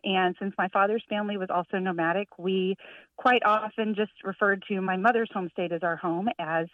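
A woman in her forties calling in to a radio show, chatty and quick to laugh. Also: mid-range voice, fairly even intonation, no echo, distant mic. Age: 40s. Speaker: caller. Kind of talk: casual chat on a call-in show. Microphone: telephone. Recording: muffled phone line.

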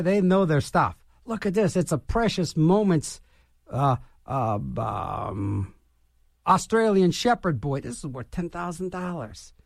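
A man's voice: on the high side, a little mellow, no echo, studio quality. A man hosting a radio show, rambling through jokey asides and banter between songs. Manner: wisecracking, meandering, with sighs and jokey asides.

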